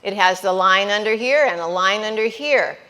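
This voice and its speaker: A woman's voice: mid-range voice, moderate pace, pushed and bright. A woman teaching a Hebrew lesson to a class, patient and encouraging, sounding out syllables and checking that everyone follows.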